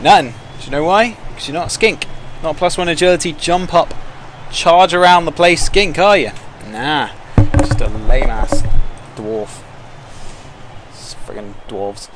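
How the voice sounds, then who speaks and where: A man giving excitable, taunting commentary over a video game he is playing. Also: on the high side, unhurried, noisy background. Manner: excitable, taunting trash talk. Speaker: gaming commentator. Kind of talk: let's-play commentary.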